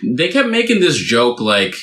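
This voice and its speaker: A man with a bright, forceful voice, chatting loosely on a podcast. He rambles with many fillers, and the sound rings off a roomy, echoey space. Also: mid-range voice, huge pitch swings, measured pace. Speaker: podcast co-host. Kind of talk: casual chat.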